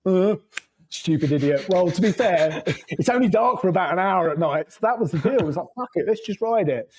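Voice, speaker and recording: A man's voice: high-pitched, lively intonation, fairly quick, a little mellow, husky, rough recording. A man, a podcast guest telling road stories in a loose, rambling way, laughing and swearing as he goes. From England. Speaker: podcast guest, motorcycle traveler. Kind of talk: casual storytelling.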